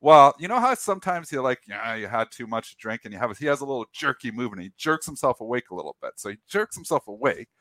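A man's voice: medium pitch, fast talker, hardly any pauses, no echo. A man hosting a show, casually telling a long funny anecdote and acting out the quotes. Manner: animated anecdote with acted-out quotes and restarts. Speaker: show host. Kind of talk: casual storytelling on a market show.

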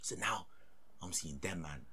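A man's voice: a little slow, slightly rough. A young man, casually telling a story and acting out the voices of the people in it. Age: young adult. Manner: animated, acts out voices with big pitch jumps and laughter.

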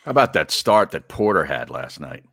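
A man's voice: a bass voice, sing-song, moderate pace, a bit bright, dry recording. A man co-hosting a sports talk show, joking and steering the conversation into a studio microphone. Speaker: sports radio co-host.

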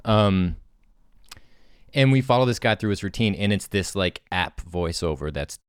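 A male podcast co-host with a very deep, smooth voice talks through story ideas. He is relaxed and thoughtful and swears casually. The recording is dry and close. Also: normal speed, dry recording. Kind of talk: casual brainstorming chat.

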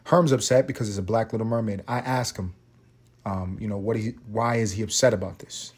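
A man's voice: on the low side, steady tone, a little fast, darkish tone, husky. A man hosting a solo podcast, telling a rambling, profane story full of tangents. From Puerto Rico. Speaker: podcast host.

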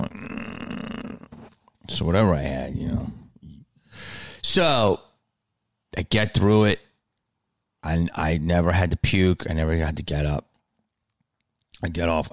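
A man with a fairly low voice tells a story on his solo podcast, his pitch swooping up and down as he acts out his own reactions. He talks casually and swears freely. The recording is a lower-quality backup. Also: gravelly. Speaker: podcast host.

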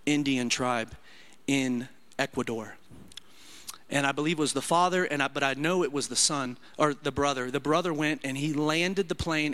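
A man's voice: medium pitch, bright, forceful tone. A man preaching an emotional, earnest evening sermon as pastor, lifting his voice when he quotes people. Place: church sanctuary.

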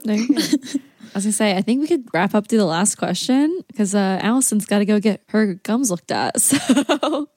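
A young woman hosts a podcast interview in casual, friendly conversation. She has a mid-range voice and a relaxed manner. She keeps the talk moving between topics. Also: mid-range voice, moderate pace, no room sound. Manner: friendly, easygoing, steers the talk. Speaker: podcast host.

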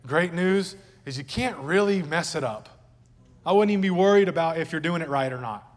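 A man's voice: fairly high pitch, lively intonation, moderate pace, long reverb tail. A male pastor preaching a sermon at a church service in a conversational, joking way, with asides to the congregation.

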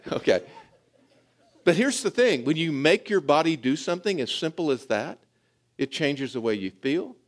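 Animated man preaching a sermon. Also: medium pitch. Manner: animated preaching, talks straight to the congregation. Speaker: pastor.

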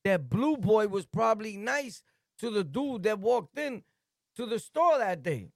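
A man telling street stories in casual chat, acting out quotes and swinging from loud to soft. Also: high voice, big pitch swings, unhurried, no room sound, clean studio sound.

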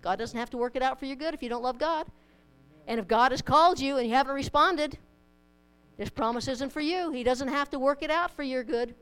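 A woman's voice: high voice, a little fast, fairly bright tone, clean tone, low-quality recording. A woman preaching a sermon to a congregation, conversational and plainspoken, mixing scripture with homely stories and light humor. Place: church in front of a congregation.

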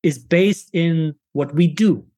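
A man's voice: a little high, dark tone. A man on a podcast telling a personal story in earnest, candid talk. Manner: earnest, acts out his own past lines in quick bursts.

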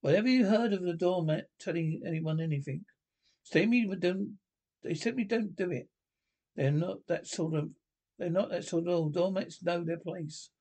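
A man's voice: sits high, normal speed, a little mellow. A man voicing a peevish, literal-minded male mole in a storybook reading. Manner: peevish and complaining.

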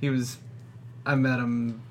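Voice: medium pitch, flat delivery, slow, slight background noise. A player in a tabletop role-playing game who laughs often.

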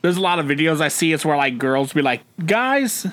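A man's voice: fairly high pitch, fairly even intonation, fast, fairly bright tone, slight background noise. A young man co-hosting a podcast, chatting in a laid-back way, laughing often and trailing off with fillers. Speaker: podcast co-host. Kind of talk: casual chat.

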